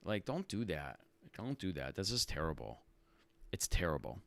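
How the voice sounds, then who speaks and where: A man hosting a casual livestream Q&A for rideshare drivers, animated and talking in fits and restarts. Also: deep voice, normal speed, creaky. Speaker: rideshare channel host answering live chat.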